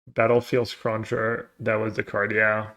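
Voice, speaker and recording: Slow, gravelly man thinking aloud. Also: lowish voice, completely flat delivery, a bit bright. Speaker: streamer playing a card game. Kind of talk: casual gameplay commentary.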